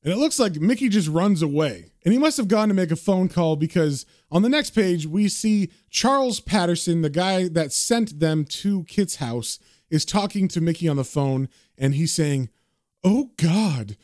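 A man narrating a comic book aloud in a casual way. His voice sits a bit high and moves around a lot. The sound is close and dry, with no room echo. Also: expressive, normal speed, a little mellow.

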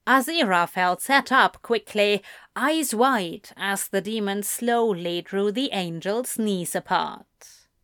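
Slow, intimate woman reading a story. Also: medium pitch, a bit bright, no room sound, clean studio sound. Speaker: reader. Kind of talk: reading fan fiction aloud.

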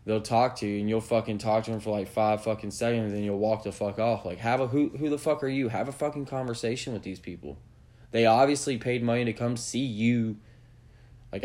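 A man's voice: medium pitch, darkish tone. A man hosting a podcast, delivering a blunt, profanity-heavy rant that lectures his listeners. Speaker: podcast host. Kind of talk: opinionated rant.

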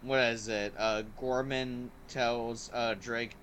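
A man chats casually as a podcast host. His voice is bright and forward. He rambles with eager energy, leaning on "like" and "um" between thoughts. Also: mid-range voice, takes it slowly, a little hiss or hum. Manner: excited and rambling, heavy use of "like" and "um". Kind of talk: casual movie review chat.

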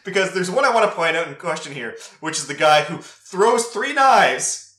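Bright-voiced chatty man. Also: sits high, lively intonation, moderate pace, roomy sound. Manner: chatty, laughing, quoting scenes. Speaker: podcast co-host. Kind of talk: casual movie review chat.

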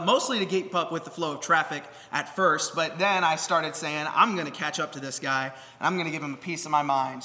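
A young man giving a sermon, telling a personal story earnestly with many "uh" fillers and reading scripture in a slower, measured way. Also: sits high, fairly bright tone. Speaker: preacher. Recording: long hall reverb.

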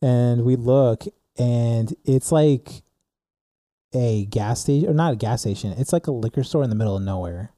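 Young man rambling through a story, dark voice. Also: medium pitch, normal speed, dry recording, studio quality. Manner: rambling, animated storyteller with many "like"s. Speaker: podcast co-host. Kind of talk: casual storytelling chat.

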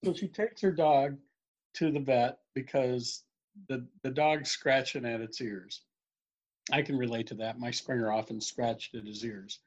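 A man telling jokes in a relaxed, storytelling way, acting out the characters. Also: mid-range voice, a little slow. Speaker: joke teller. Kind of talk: casual joke telling. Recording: dull lo-fi sound.

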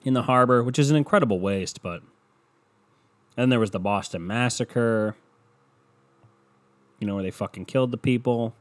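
A man's voice: mid-range voice, normal speed, pauses often. A man hosting a casual solo podcast, rambling and swearing sarcastically while browsing online maps at his desk. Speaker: podcast host. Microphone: computer mic at desk, browsing online maps.

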